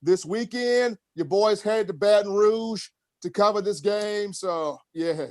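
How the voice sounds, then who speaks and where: A man's voice: sits high, slow, no room sound, studio quality. A man who is a sports analyst guest, promoting his show in a friendly, laid-back way. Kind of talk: casual chat.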